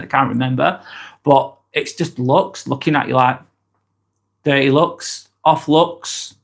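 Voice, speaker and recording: A man's voice: medium pitch, husky. A man giving casual advice to camera, rambling and often repeating himself or restarting his sentences. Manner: uses mate in chatty address. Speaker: self-help video host.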